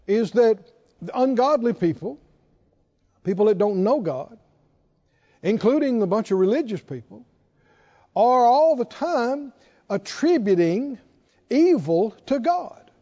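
This pastor's high voice has a dark tone and big pitch swings, and he takes it slowly with long pauses. He preaches in a church sanctuary, calling for the congregation to answer back, recorded in an echoey hall with dull lo-fi sound.

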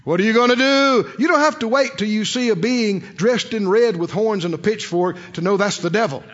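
High-voiced guy preaching, lively, hollers sometimes, muffled old recording. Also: normal speed. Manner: emphatic, rising to hollering. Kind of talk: sermon. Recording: dull lo-fi recording.

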